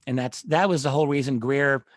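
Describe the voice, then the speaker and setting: A man's voice: mid-range voice, dry recording. Earnest man recounting a story, dry sound. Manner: measured, earnest storytelling with frequent uh and um. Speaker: panel guest, researcher. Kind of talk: live panel discussion, recounting a story.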